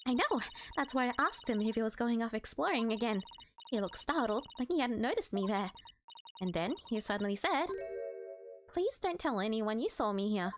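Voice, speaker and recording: A woman reading the lines of a sweet, earnest young girl in a game, in a soft, polite manner. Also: on the high side, animated, moderate pace, faint music behind, lightly acted. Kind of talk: reading game dialogue aloud.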